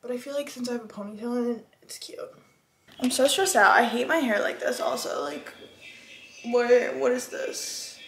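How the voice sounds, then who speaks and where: Young female vlogger, casual and self-deprecating, a touch high-pitched, home camera recording with faint noise. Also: moderate pace. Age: young adult. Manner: rambling, self-deprecating, anxious. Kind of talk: casual vlog chat. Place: home, indoors.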